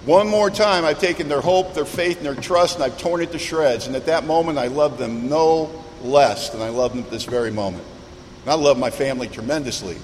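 A man sharing his recovery story with a meeting audience, candid and self-mocking, building dramatic lists with pauses. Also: a little high. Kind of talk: personal recovery testimony to an audience. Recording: echoey hall with faint background noise.

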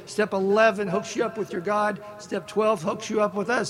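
A man sharing his recovery story at a meeting, folksy and animated, quoting other people in character. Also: sits high, normal speed, over music. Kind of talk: storytelling share to an audience. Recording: live talk with crowd. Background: audience laughter.

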